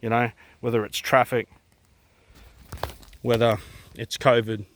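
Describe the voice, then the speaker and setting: A man's voice: medium pitch, flat delivery, slow pace, a little hiss or hum. An Australian man ranting to camera in a blunt, profane way, firing off rhetorical questions. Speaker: vlogger.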